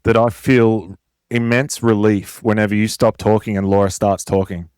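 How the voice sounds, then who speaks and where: Low, smooth-voiced man asking questions. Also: level tone, moderate pace, darkish tone, no room sound, clean studio sound. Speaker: podcast guest asking questions. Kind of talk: casual podcast chat.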